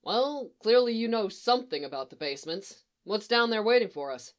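A woman's voice: mid-range voice, lively intonation, normal speed, pitched above the performer's own voice, lightly acted. A woman voicing a grumpy, impatient young male Jedi knight who grumbles and talks brusquely.

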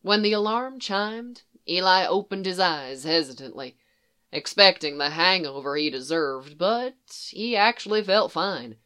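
Story narrator, unhurried reading, smooth clear voice, steady pace. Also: medium pitch. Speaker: audiobook narrator. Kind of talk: reading fan fiction aloud.

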